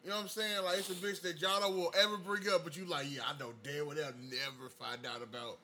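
A man's voice: fairly high pitch, steady tone, bright, forceful tone. Teasing man, noisy background. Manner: teasing, drawn-out mock questions. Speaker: podcast co-host. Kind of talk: casual group chat.

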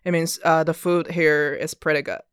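A co-host teaches in a calm, matter-of-fact way, explaining things patiently and answering with short yeses. The voice sits in a middle pitch and sounds dry and close. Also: normal speed, clear, resonant tone, no echo. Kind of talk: conversational language lesson.

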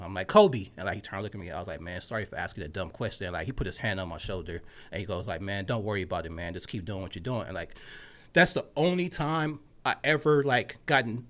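A man telling a story in a casual podcast chat, with a lively delivery that drops to hushed asides and bursts into loud laughs. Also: on the low side. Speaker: podcast host and sports reporter.

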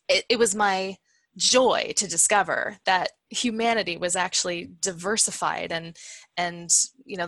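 Bright-voiced Canadian woman, rambling. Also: on the low side, no room sound, poor audio. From Southern Ontario, Canada. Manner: rambling, restarts often, thinks aloud. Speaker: musician guest. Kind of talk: casual podcast interview.

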